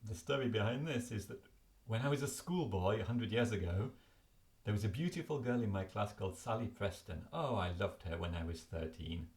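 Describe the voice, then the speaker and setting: A man's voice: on the low side, brisk. An older man explaining his flashcards in a chatty, self-correcting way at home. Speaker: language learning video host. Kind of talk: casual explanatory talk to camera.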